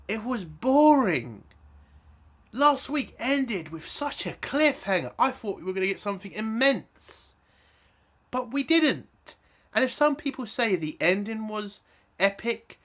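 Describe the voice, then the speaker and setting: A man's voice: high voice, big pitch swings, measured pace, a bit bright. Man, TV review rant, exasperated, swears a lot, punchy rhetorical questions.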